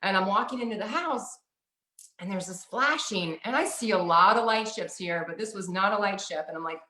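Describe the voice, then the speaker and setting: A woman's voice: medium pitch, a little fast, bright, forceful tone. Rambling woman on a roomy video call. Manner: rambling, many "like"s, laughs often. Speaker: guest. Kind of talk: casual spiritual storytelling. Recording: roomy echo.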